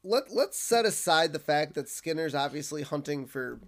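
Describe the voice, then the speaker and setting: A man's voice: on the high side, lively intonation, moderate pace. A man from Minnesota co-hosting a podcast, chatting casually and animatedly, picking apart plot points and often restarting his words. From Minnesota, USA. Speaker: podcast co-host. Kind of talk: casual chat.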